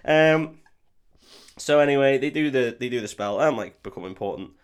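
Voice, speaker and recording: A man's voice: mid-range voice, lively intonation, moderate pace, smooth. A man co-hosting a podcast, recapping a film in casual, rambling, sweary chat and laughing often. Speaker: podcast co-host.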